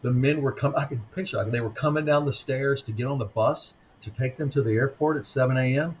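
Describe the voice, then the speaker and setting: A man in his fifties, a guest author telling stories in a conversational interview, speaking haltingly with frequent ums and restarts. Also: medium pitch, a little hiss or hum, poor audio. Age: 50s.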